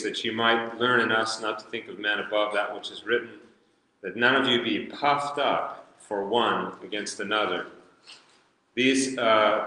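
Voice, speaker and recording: A man of middle pitch leads a verse-by-verse Bible study, talking it through conversationally and reading passages aloud. His voice rings through a very echoey room, and each phrase trails off in a long reverb. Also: pushed and bright. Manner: conversational, reads scripture aloud, chuckles now and then.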